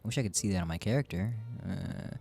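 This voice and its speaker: A man's voice: low voice, fast talker, gravelly, dark tone, breathy edge, soft background music. A man casually chatting through a game he is streaming, rambling and joking about himself. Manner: chatty, rambling, self-deprecating. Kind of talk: casual gameplay commentary.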